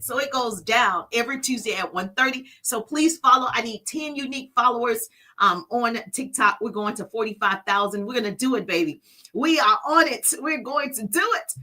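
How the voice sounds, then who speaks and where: Middle-aged female business coach, phone live-stream, bright lively delivery. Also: fairly high pitch. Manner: energetic, hypes viewers by name.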